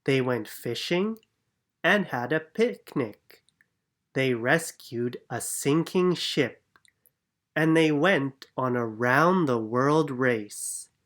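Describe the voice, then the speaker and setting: A calm storybook reader narrating a children's picture book. Every word is spoken very slowly and clearly, at an unhurried bedtime pace. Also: mid-range voice.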